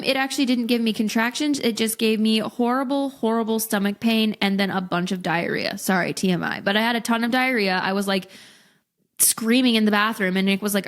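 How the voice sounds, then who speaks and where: A young adult woman, a podcast guest, telling a personal story in a candid, expressive way and acting out what people said. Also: mid-range voice. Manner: candid, expressive, acts out quotes. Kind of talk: casual storytelling.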